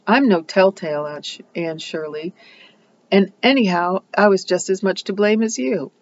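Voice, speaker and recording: A reader voicing a loyal young girl, a best friend, speaking hushed and scandalized. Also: mid-range voice, moderate pace, dull audio, slight background noise, lightly acted.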